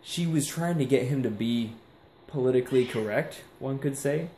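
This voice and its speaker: A young man talks through a casual vlog, wandering and reflective, full of likes and ums. His voice sits at an ordinary middle pitch. The room around him is echoey with a faint hiss. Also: moderate pace, dark tone. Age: young adult. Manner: rambling, filler-heavy, reflective. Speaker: vlogger.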